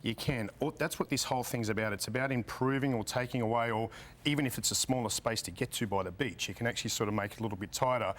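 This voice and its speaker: Quick-talking man pitching gear. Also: a bit bright. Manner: fast, lots of "sort of" fillers. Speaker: product guest. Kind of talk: casual interview.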